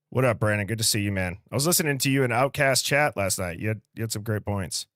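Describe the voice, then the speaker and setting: Chatty Midwestern man, low dry voice. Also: no echo. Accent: American Midwest. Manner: upbeat, chatty, quick shout-outs with light laughs. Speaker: livestream host. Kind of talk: casual chat reading viewer comments.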